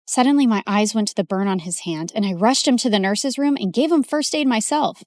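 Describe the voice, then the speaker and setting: A woman narrates an animated story in first person, dramatic and expressive. Her voice sits a little high and the recording is dry. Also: brisk, few pauses, no echo.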